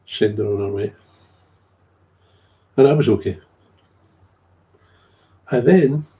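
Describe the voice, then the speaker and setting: Man, warm mellow tone, casual rambling recovery talk, dull lo-fi sound. Chuckles as he goes. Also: medium pitch. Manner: rambling, repeats himself, chuckles often. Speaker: recovering alcoholic sharing his story. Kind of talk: casual monologue. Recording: dull lo-fi recording.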